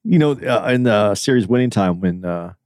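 A man's voice: on the low side, expressive, moderate pace, darkish tone, dry recording, clean studio sound. A man co-hosting a podcast, talking with enthusiasm and rambling in casual chat. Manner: enthusiastic, rambling, restarts often. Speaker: podcast co-host.

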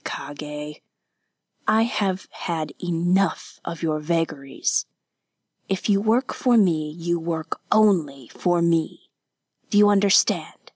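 A woman voicing a scheming, menacing male samurai lord in a hushed whisper, as whispered role-play in an audiobook. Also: a little high, slightly rough, no room sound, studio quality, heavily acted. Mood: threatening.

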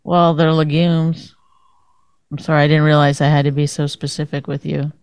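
A woman's voice: deep voice, level tone, moderate pace, a little mellow, smooth, no echo. Woman co-host, teasing and exasperated, mimics her partner, dry close sound. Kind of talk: casual bickering chat.

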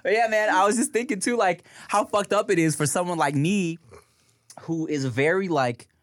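A man co-hosting a podcast in casual chat, telling animated stories, swearing freely and laughing often. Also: high voice, normal speed, no room sound, studio quality. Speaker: podcast co-host.

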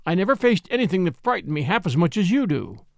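A man's voice: high-pitched, fast talker, gravelly, dry recording, clean studio sound, exaggerated voice. A man doing a flustered, headstrong young man. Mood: earnest. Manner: excited and pleading.

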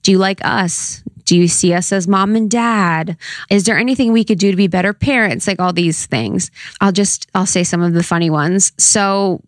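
A woman's voice: mid-range voice, moderate pace, no room sound, clean studio sound. A young woman in casual conversation, telling a story with lots of "like" and quoted voices. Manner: chatty storyteller, heavy use of "like". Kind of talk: casual chat.

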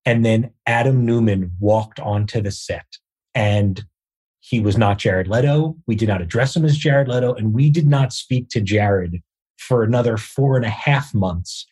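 A man, a show co-creator, telling behind-the-scenes stories in an earnest, measured way. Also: on the low side, darkish tone, husky. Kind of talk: casual interview chat.

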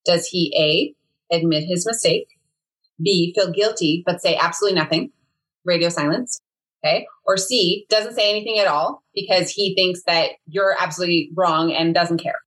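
Chatty podcast co-host, a woman with a low, husky voice. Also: moderate pace, a bit bright, poor audio. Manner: chatty, laughs often, runs a game. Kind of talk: casual chat.

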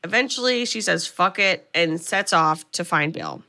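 A woman's voice: on the low side, animated, moderate pace, bright, forceful tone. A woman podcast host casually recapping a horror film plot as a chatty storyteller. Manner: chatty storyteller, quotes characters.

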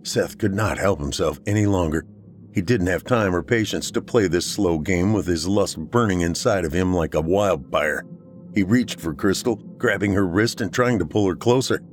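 A man narrating a horror story for a podcast in a steady storytelling manner. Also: low voice, moderate pace, faint music behind.

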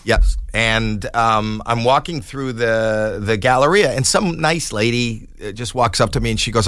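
A man's voice: medium pitch, moderate pace, few pauses, clean tone, dry recording, studio quality. A middle-aged man, a comedian guest on a podcast, telling an anecdote with laughter and put-on voices for the people in it. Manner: animated, laughing, voices in quotes. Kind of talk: storytelling anecdote.

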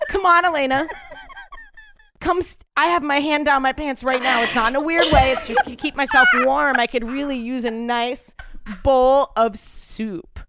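A woman's voice: high voice, normal speed. A young woman hosting a podcast, crude and teasing in casual banter. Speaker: podcast host. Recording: audible background noise.

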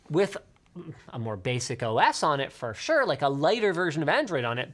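A male tech show host chats in a loose, rambling way, his pitch swinging up and down as he jumps between points. He corrects himself mid-sentence and piles on asides. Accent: Canadian. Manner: animated, rambling, quick asides and self-corrections. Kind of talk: casual chat.

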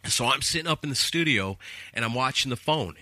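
Man, radio host, casual storytelling, animated, very bright tone, dry sound. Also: medium pitch, brisk, no echo. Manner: animated, acts out callers and bosses.

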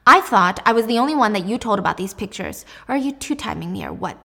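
A volatile, arrogant rich man who shouts and curses, as a woman plays him. The voice climbs high and loud in his outbursts. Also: expressive, fast talker, gravelly, full character voice. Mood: sneering.

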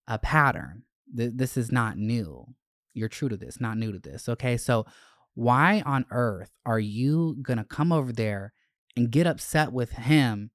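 Sassy, slangy host in their twenties for casual podcast chat; mid pitch, dead-dry room. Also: dry recording. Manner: sassy, slangy, animated storytelling.

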